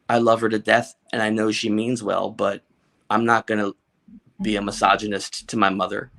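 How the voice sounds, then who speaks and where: A man's voice: fairly low pitch, a bit bright. A man, a podcast guest, recounting a personal story in an emotional, emphatic way, often restarting and repeating words. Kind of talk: conversational storytelling.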